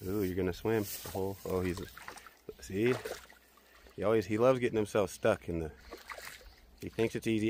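A man vlogging outdoors at a beach spot while walking his dog, calling to it in high, loud bursts and dropping to low asides. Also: steady tone, moderate pace, long pauses, no echo. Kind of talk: casual vlog chatter.

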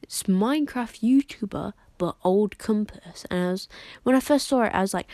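Gravelly young woman streamer rambling. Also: mid-range voice, moderate pace, noisy background. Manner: rambling, excitable, giggly. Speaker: game streamer. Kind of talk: casual live-stream chat.

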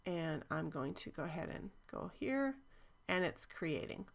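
A woman's voice: sits low, big pitch swings, measured pace, creaky. A woman teaching cloud databases in a chatty, enthusiastic screen-recorded walkthrough, with frequent ums.

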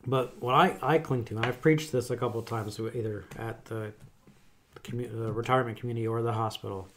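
A middle-aged man who works as a chaplain, talking in a thoughtful, halting way with many pauses and fillers. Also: medium pitch, steady tone, fairly bright tone, a little hiss or hum. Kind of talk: casual conversation.

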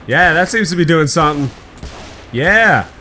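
A young man rambling through casual gameplay commentary, crude jokes and swearing throughout. His voice sits a little high, with a faint hum under the recording. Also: lively intonation, moderate pace, pushed and bright. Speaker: gameplay YouTuber.

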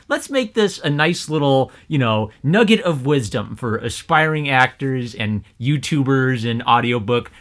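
A man at home giving a casual ranting vlog tip to his viewers, animated and laughing often, getting louder as he gets excited. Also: mid-range voice. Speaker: YouTuber.

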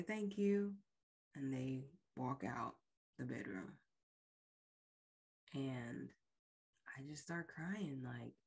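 Woman, podcast host, low voice, slow pace, frank emotional storytelling. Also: gravelly, husky. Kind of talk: personal storytelling.

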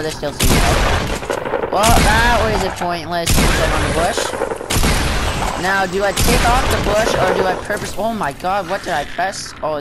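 A gameplay video creator giving casual, rambling commentary and often trailing off unsure. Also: mid-range voice. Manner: rambling, unsure self-talk. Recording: loud background game noise.

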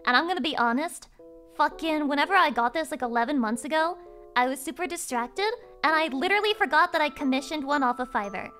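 A woman's voice: high voice, lively intonation, fast talker, pushed and bright, faint music behind. A woman streamer chatting casually to her viewers, playful and swearing, rambling with fillers. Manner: playful, swearing, meowing at chat. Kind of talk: casual live-stream chat.

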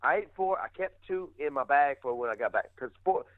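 A man's voice: mid-range voice, fairly quick, no echo, phone-quality sound. A man telling wild stories as a podcast guest, casually, with lots of swearing. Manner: animated, swearing, acts out other voices. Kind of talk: casual storytelling.

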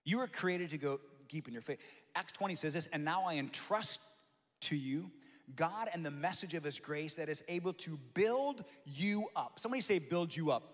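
Animated preaching man in a reverberant hall. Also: fairly high pitch, normal speed. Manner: animated, swings from loud preaching to soft hushed asides. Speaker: pastor. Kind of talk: sermon. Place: large church hall.

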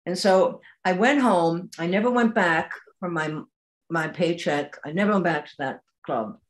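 An older actress, a woman, telling a lively anecdote in an interview with laughter and animation. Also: on the low side, normal speed. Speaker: actress guest. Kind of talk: anecdotal storytelling.

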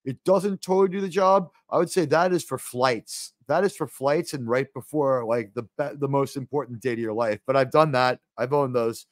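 A man hosting a casual live podcast, talking in an animated, exasperated way with frequent swearing. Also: moderate pace, few pauses, no echo. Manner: animated, swears often, jumps to high exasperated pitch. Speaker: host.

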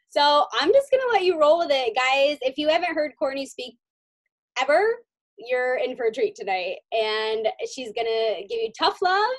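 A woman's voice: high-pitched, poor audio. Woman, host, enthusiastic introduction, gushing praise, video call. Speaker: team leader hosting the call.

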